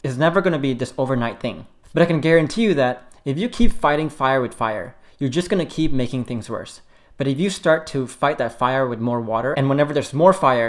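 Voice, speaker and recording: A man working as a relationship coach, giving calm, steady advice straight to the camera and repeating key points gently. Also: medium pitch. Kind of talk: direct-to-camera advice talk.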